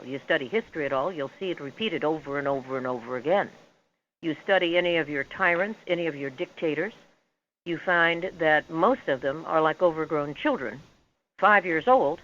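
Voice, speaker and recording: A woman guest on a talk show, speaking in a measured, reflective way. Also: low-pitched, a bit bright. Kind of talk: interview conversation. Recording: dull lo-fi line with faint noise.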